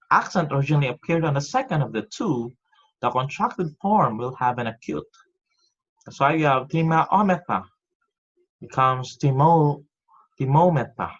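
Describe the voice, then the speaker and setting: A man's voice: mid-range voice, fairly bright tone, husky. A man teaching a recorded online class, reciting grammar rules step by step in a methodical way. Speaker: Greek teacher. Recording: dull lo-fi audio.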